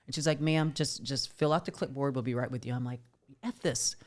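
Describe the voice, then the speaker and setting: A woman, a podcast guest, recounting events in relaxed, conversational talk full of "like.". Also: rumbling low, fast. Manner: conversational, loose with fillers like "like". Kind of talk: casual storytelling.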